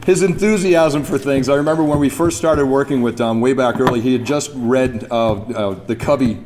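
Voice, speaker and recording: A man's voice: medium pitch, steady tone, normal speed. A man from New Brunswick, Canada, giving an anecdotal memorial speech at a podium, chuckling as he tells stories. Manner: storytelling, chuckling, imitates others. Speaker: speaker at a memorial event. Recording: mic speech with background noise.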